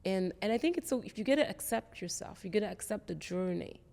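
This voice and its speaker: Woman guest, gravelly, mellow tone, reverberant room; earnest career storyteller. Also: mid-range voice, lively intonation, fast. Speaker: guest, tech executive. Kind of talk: interview conversation.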